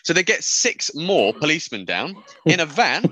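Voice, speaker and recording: A man's voice: fairly high pitch, big pitch swings, moderate pace, bright, forceful tone, no room sound. A man co-hosting a podcast, telling a long rambling story in casual, sweary chat and mimicking the people in it. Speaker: podcast co-host.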